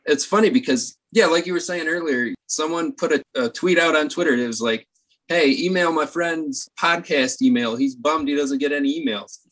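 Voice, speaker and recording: A man's voice: a little high, normal speed, fairly bright tone. A man who is a guest on a podcast, chatting casually and telling a rambling story in an easygoing way. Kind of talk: casual chat.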